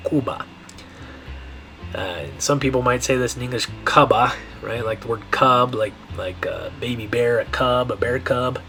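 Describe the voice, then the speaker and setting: Man teaching Spanish pronunciation slowly. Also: medium pitch, creaky, fairly bright tone. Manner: slow, repetitive modeling of words with frequent checks. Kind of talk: pronunciation lesson.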